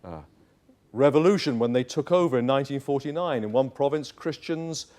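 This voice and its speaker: A man's voice: mid-range voice, brisk, a little mellow. A male pastor preaching a sermon in church, emphatic and acting out little dialogues.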